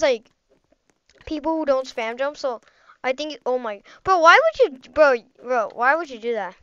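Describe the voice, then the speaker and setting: Woman, gaming host, high bright voice, excitable rambling play-by-play, dry close sound. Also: no room sound, dull audio. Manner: excitable, chatty, rambling with frequent "like" and "bro". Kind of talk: live gameplay commentary.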